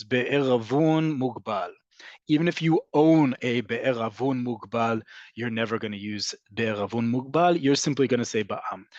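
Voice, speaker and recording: A man teaching an online language lesson, explaining patiently and repeating key words slowly for emphasis. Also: mid-range voice, dry recording, dull audio. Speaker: Hebrew teacher.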